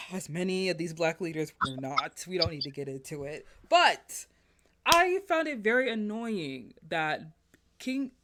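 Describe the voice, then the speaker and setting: A woman's voice: lowish voice, lively intonation, measured pace, noisy background. Fired-up woman critic on a podcast. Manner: passionate and emphatic, ranting opinions. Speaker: podcast guest, film critic. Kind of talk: casual podcast chat.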